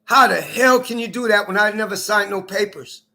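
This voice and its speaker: A man with a high, bright voice, ranting bitterly straight at the camera. He accuses, swears and circles back to the same lines again and again, with a raw, personal edge. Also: normal speed. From Minnesota. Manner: bitter, accusing, repetitive, profane. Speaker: vlogger. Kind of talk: angry personal rant to camera.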